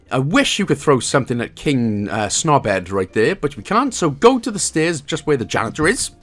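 This Welsh gaming guide host has a mid-range voice with a fairly bright tone. He talks through a game walkthrough step by step in his Welsh accent, sprinkling chuckling jokes between the instructions.

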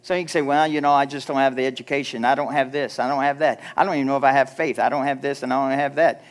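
A man's voice: mid-range voice, fairly even intonation, quick pace. A pastor preaching a church sermon, urging his listeners with emphatic rhetorical questions and acting out quoted people in mock voices.

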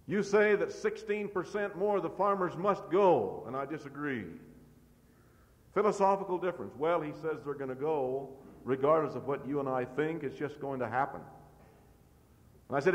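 Middle-aged man, slightly high voice, pounding rhetoric at a podium; old cassette from an echoing hall. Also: highs cut off. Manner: forceful, repetitive rhetoric. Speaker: farm organization leader. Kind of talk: convention speech. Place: large convention hall.

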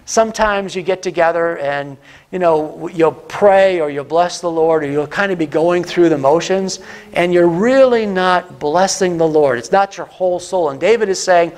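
High-voiced man preaching a Bible teaching. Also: normal speed, darkish tone. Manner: repeats key lines for emphasis, asks the listeners questions. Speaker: pastor.

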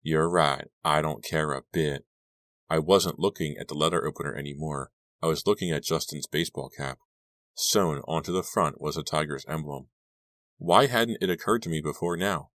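Deep-voiced guy reading a spooky teen audiobook, calm and even, dry sound. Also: brisk, dry recording. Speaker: audiobook narrator. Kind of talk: scripted first-person narration.

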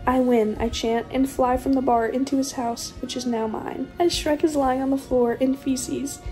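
A young woman in her twenties, telling a comic story in a giggly, profane, animated way. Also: high voice. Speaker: vlogger.

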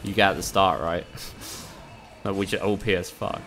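A man with a low, gravelly voice streams a game and talks to his chat. He swears often and jokes sarcastically. A faint hiss of noise sits under the recording. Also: steady tone, measured pace, a bit bright. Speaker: gaming streamer. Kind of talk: casual live-stream commentary.

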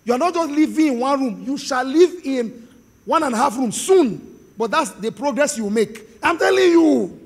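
A middle-aged man with a Nigerian accent, preaching an animated, joking sermon to a live congregation. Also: very high voice, moderate pace. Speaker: pastor. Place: large hall with live congregation. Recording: long hall reverb.

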